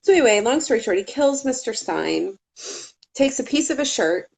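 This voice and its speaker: A woman's voice: fairly high pitch, lively intonation, moderate pace, vocal fry, darkish tone. A woman co-hosting a casual true-crime chat, talkative, with laughing asides and swearing. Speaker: podcast co-host.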